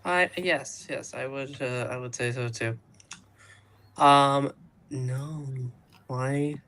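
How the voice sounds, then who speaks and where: A man's voice: mid-range voice, slow pace, bright, forceful tone, clear, resonant tone. A man hosting a live podcast, joking around and introducing his co-hosts in casual chat. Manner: playful, jokey, introduces co-hosts. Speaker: podcast host.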